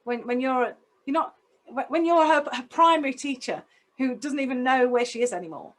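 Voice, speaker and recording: A woman's voice: sits high, moderate pace. A woman telling a personal story in a talk, intense and emotional, putting direct questions to her listeners. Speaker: speaker.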